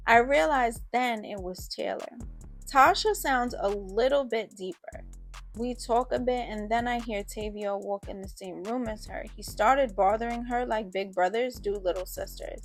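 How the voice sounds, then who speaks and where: A woman's voice: fairly high pitch, creaky, soft background music. Casual woman telling a first-person street story. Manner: casual street-slang storytelling, quick snappy delivery of quoted lines. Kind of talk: first-person story narration with character dialogue.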